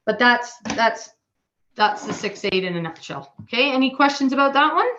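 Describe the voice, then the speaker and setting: A woman with a Canadian accent teaching a drumming workshop online, chatty and casual, counting beats out loud. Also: a little high, animated, moderate pace, muffled recording.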